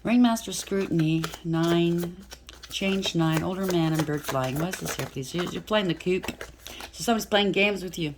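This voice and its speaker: Low-voiced woman giving a tarot reading. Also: moderate pace, background noise. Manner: chatty, blunt, swears, thinks aloud. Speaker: tarot reader. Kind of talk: casual tarot reading to camera.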